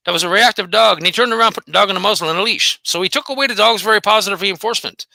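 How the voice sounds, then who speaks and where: Host: man, high bright voice, rapid profane rant, dry close mic. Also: gravelly, dry recording. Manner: profane, combative, taunting. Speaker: host of a dog behavior channel. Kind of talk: angry solo rant.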